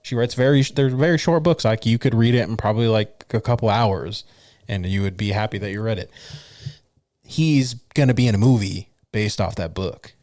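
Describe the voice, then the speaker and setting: A man's voice: lowish voice, normal speed, a little mellow, dry recording, studio quality. A man co-hosting a podcast in casual chat, blunt and profane, teasing his co-host. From United States.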